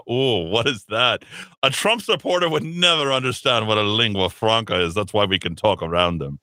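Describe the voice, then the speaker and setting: A man's voice: on the low side, normal speed, pushed and bright, clear, resonant tone, no room sound. A male talk host reading an article aloud and mocking it, with sarcastic asides and a put-on snooty voice. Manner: sarcastic, puts on a snooty voice to mock the writer; stumbling asides and restarts, laughs at his own jokes. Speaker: radio talk show host.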